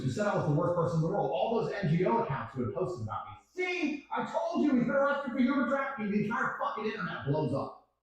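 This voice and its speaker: A man telling a story on a stream in a profane, emphatic way, acting out other people's voices. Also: a little high. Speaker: guest storyteller. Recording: very echoey room.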